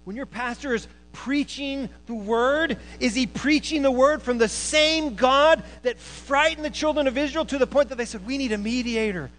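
A man preaching a sermon to a church, animated, moving between loud emphasis and quiet asides, who also teaches college students. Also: extremely high pitch, moderate pace, few pauses, rough recording.

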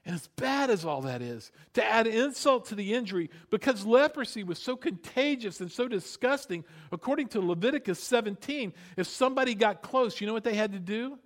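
Animated high-voiced male preacher. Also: fairly quick, hardly any pauses. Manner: animated, builds up then drops to hushed emphasis; asks the congregation to repeat words. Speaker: pastor. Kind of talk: sermon.

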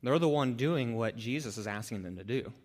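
A male pastor preaches with lively energy, slipping into the voices of the people in his stories. His voice sits at an ordinary middle pitch and rings with a long reverb, as in a large hall. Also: a little fast. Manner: animated preaching that acts out quoted people. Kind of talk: sermon.

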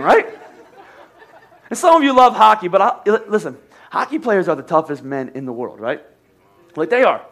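A man's voice: high-pitched, lively intonation, normal speed, a bit bright. An American man preaching a sermon as a pastor, conversational and joking, with repeated phrases. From United States.

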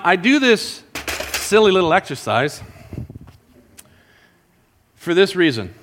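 A male pastor preaching a sermon at a church service, telling a long illustration with acted-out quotes. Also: on the high side. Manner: animated storytelling with acted-out quotes.

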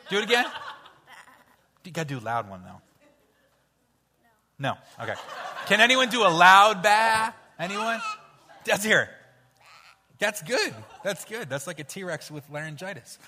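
A man leading an interactive children's Bible story in church, playful and coaxing as he cues the kids to shout sound effects. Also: high voice, very animated, a little slow, pauses often, a little hiss or hum. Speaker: children's pastor. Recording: hall reverb with faint music.

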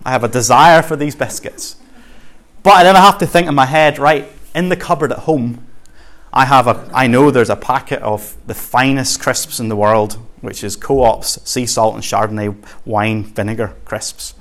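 A Scottish man preaching in a relaxed, chatty manner. His voice sits at a middling pitch, and he leans earnestly into his points with everyday examples. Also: moderate pace. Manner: conversational and earnest, with homely examples. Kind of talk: sermon.

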